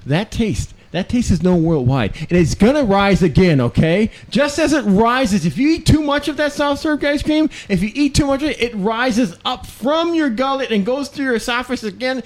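A man playing a gruff adult man who gives a rambling pep talk, in an improvised comedy sketch. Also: high voice, sing-song, normal speed, hardly any pauses, darkish tone. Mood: rousing. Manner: rambling, gravelly, theatrical.

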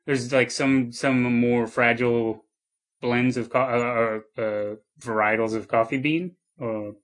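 A man trading absurd deadpan bits in an improvised comedy chat. His voice sits at an ordinary middle pitch, and he laughs easily as he builds on a silly idea. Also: measured pace.

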